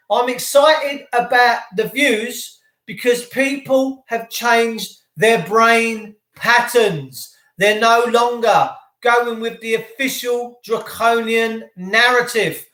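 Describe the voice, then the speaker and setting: A man hosting a live stream from home, talking to viewers in an excitable, effusive, rambling way. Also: extremely high pitch, roomy sound. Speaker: channel host. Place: indoors at home.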